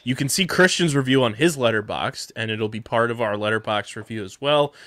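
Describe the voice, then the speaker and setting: A man hosting a casual film podcast, handing the floor to others in a relaxed way. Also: mid-range voice, a little fast, no room sound. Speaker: podcast host. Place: podcast studio.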